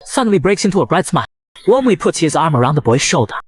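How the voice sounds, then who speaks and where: Man, comic recap narrator, very fast, slightly high voice, brisk. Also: big pitch swings, breathy edge.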